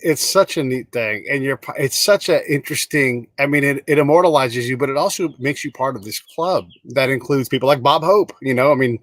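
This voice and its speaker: A man's voice: medium pitch, brisk, hardly any pauses, fairly bright tone, no echo. A man hosting an interview, asking questions and musing with enthusiasm. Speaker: podcast host. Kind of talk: casual interview.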